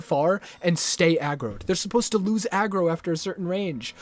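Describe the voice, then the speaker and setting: A man's voice: sits high, lively intonation, normal speed, hardly any pauses, dry recording. A man streaming a game live, swearing and talking back at the game in exasperated bursts. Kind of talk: live gameplay commentary.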